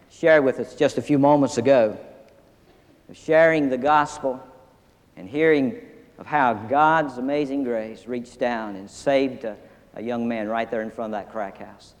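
Earnest preacher in a big echoing hall. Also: male voice, mid-range voice. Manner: folksy, earnest, storytelling. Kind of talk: sermon. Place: seminary chapel, large hall. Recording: long hall reverb.

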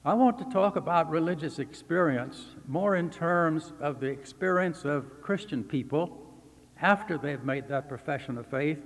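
An older man from Texas giving a formal academic lecture as a visiting seminary professor, speaking in measured, deliberate phrases with pauses. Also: a little high. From Texas, USA. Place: lecture hall. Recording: long reverb from a large hall.

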